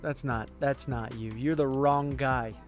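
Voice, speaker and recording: A man commenting on a football video game, swinging from quiet mumbling to excited yelling. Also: mid-range voice, measured pace, soft background music. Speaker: gaming YouTuber.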